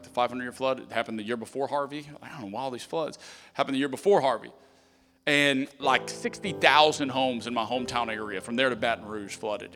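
A male pastor preaching a sermon through a story, dropping to hushed tones and rising to loud emphatic peaks. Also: medium pitch. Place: church sanctuary. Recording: long hall reverb with faint music.

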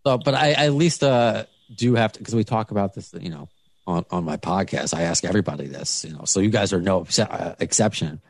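A man's voice: low voice, a little fast, no echo. A man hosting a podcast interview, talking casually and rambling with many restarts and fillers. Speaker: podcast host.

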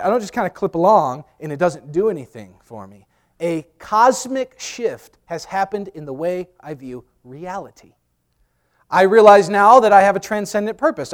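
A man preaching a sermon, telling lively personal stories, acting out voices loudly and often repeating words as he restarts. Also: sits high. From New York. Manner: animated storyteller, acts out voices loudly. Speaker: pastor. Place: church sanctuary.

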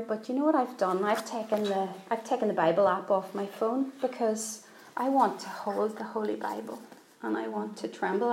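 A woman's voice: mid-range voice, vocal fry, a little mellow, echoey room, a little hiss or hum, rough recording. A woman preaching a sermon, telling a story earnestly and repeating phrases for emphasis.

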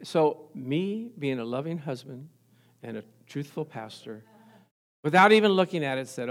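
A man's voice: fairly high pitch, expressive, fairly quick. A man preaching a sermon as pastor, telling everyday stories, laughing often and calling out to the congregation for amens. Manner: storytelling with call-and-response, laughing often.

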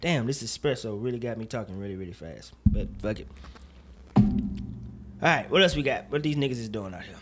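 A man hosting a casual podcast, talking in an animated, jokey way with plenty of profanity and rambling asides. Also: medium pitch, fairly quick, long pauses, very noisy. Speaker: podcast host. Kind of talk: casual chat.

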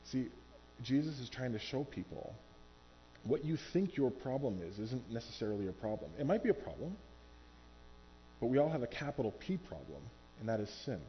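A man preaching a sermon from a church stage, animated and acting out quoted voices. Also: mid-range voice, normal speed, dull audio, faint music behind. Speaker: pastor.

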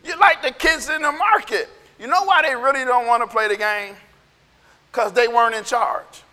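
A man teaching a Bible lesson in a playful, emphatic way, now and then shouting to drive a point home. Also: very high voice, moderate pace, big-room sound. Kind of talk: animated sermon with acted-out quotes.

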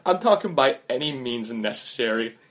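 A man's voice: medium pitch, animated, moderate pace, a bit bright. A man doing a tearful, needy bar owner. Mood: pleading. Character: sobbing emotional male bar owner.

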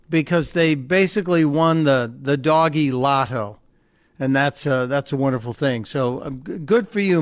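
A man's voice: a little high, clean tone, no room sound, studio quality. A man hosting a talk radio show and taking calls, chatty and jokey, often stumbling and repeating words. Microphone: studio microphone.

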